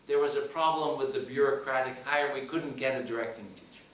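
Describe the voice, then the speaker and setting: A man's voice: mid-range voice, fairly even intonation, a little fast, fairly bright tone, a little hiss or hum. Man telling a story in an echoey hall. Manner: hesitant storytelling with many restarts. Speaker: film director and teacher. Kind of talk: public Q&A after a screening. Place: screening hall with audience. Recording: echoey hall, mic from far off.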